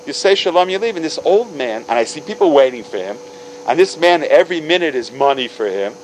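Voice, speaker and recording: Speaking briskly, this fifty-something storyteller entertains a religious crowd, voicing characters with dramatic pitch swings and dropping in Yiddish and Hebrew terms. There's some faint background noise, and overall the audio quality is poor.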